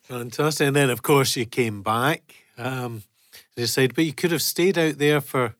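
Man hosting a radio chat, quick prompts, average pitch, dry booth sound. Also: a bit bright, dry recording. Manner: brief prompting questions. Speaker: radio show host. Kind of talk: interviewing.

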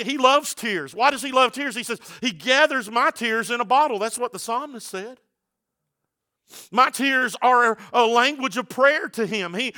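A middle-aged male pastor preaching a sermon, building from quiet talk to loud, impassioned preaching. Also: extremely high pitch.

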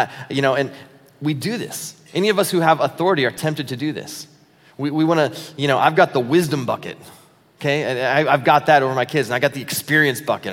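Pria pendeta, berkhotbah santai dan jenaka. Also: male voice, a little high, in a large hall. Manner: conversational preaching with self-mocking asides. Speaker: pastor. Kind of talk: sermon.

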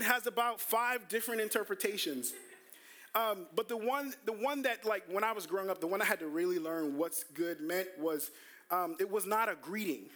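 A young adult pastor with a high-pitched voice preaches at a moderate pace. He tells stories animatedly, acting out quotes and voicing himself in different ways.

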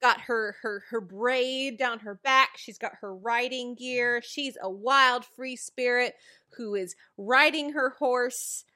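A woman co-hosting a podcast with a bright, slightly high voice. She speaks slowly and easily, retelling events like a relaxed storyteller, recorded close and dry. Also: no echo. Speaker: podcast co-host. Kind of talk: casual recap chat.

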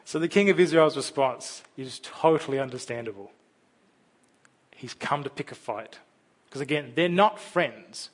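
A man in his thirties preaching a conversational sermon, telling stories and breaking into loud dramatic bursts. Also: medium pitch, unhurried. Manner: chatty, storytelling, with sudden loud dramatic bursts.

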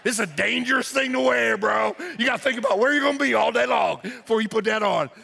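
A man preaching a sermon as pastor, telling a story and shouting lines out for emphasis. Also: very high-pitched, vocal fry, slightly rough. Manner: storytelling, shouts for emphasis, drawn-out slow phrases. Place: church auditorium. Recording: long hall reverb.

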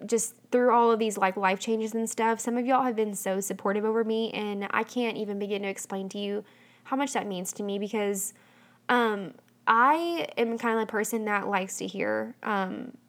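A young woman hosting a casual solo podcast, chatty and full of "um" and "like". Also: medium pitch. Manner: chatty, heavy on fillers like "um" and "like". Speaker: podcast host.

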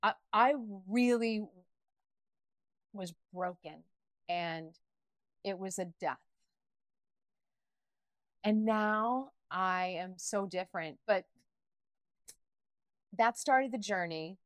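A middle-aged woman talks candidly as an interview guest. Her delivery is animated and emotional, with many restarts and bursts of laughter. The sound is dry and close. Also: medium pitch, extremely slow, long pauses, no echo. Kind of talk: candid personal interview talk.

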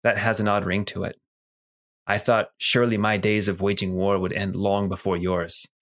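A man's voice: fairly low pitch, level tone, normal speed, fairly bright tone. A man playing a solemn aging field marshal. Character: aging male field marshal, gruff and regretful.

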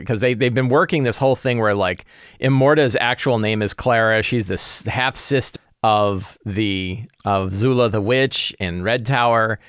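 A man who runs tabletop games, chatting casually about his prep and recapping the last session. He rambles and restarts his sentences often, with plenty of fillers. The audio is dry and close, and his pitch sits in the middle. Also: animated, normal speed, fairly bright tone, clean tone, no echo. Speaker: game master. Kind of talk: casual game-prep vlog.

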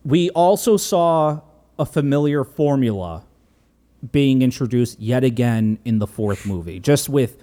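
A man in his thirties in a casual film review chat, earnestly weighing his points out loud as a podcast co-host. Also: medium pitch, expressive, measured pace. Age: 30s.

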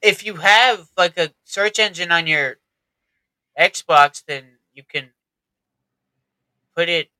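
Young man, high voice, dry close sound, teasing casual chat. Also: bright, forceful tone, no echo, low-quality recording. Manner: teasing, quick interjections.

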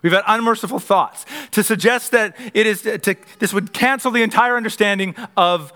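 A man's voice: high voice, normal speed, pushed and bright, clear, resonant tone. A man preaching a sermon as pastor, conversational with light humorous asides.

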